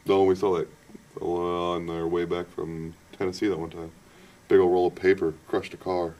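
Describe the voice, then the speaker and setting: A man's voice: deep voice, little pitch movement, moderate pace, dark tone, recorded from a distance, muffled recording. A young man chatting casually about a road trip, laid-back, saying "dude" and "like". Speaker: interview guest. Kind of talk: casual chat.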